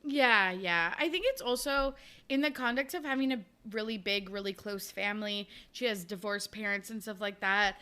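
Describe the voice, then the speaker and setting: A woman's voice: mid-range voice, moderate pace, sharp tone, clean tone. A woman hosting a book podcast, chatty and casual, recapping a novel with a laugh and the odd swear. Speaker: podcast host.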